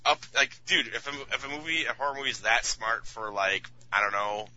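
A man's voice: mid-range voice, steady tone, brisk, pushed and bright, low-quality recording. A man co-hosting a casual podcast chat, talking in an enthusiastic, slangy way. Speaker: podcast co-host.

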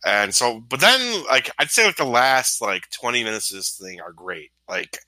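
Bright-voiced man chatting about movies. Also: mid-range voice, very animated, normal speed, no echo, poor audio. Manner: loose, profane, filler-heavy. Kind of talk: casual movie discussion.

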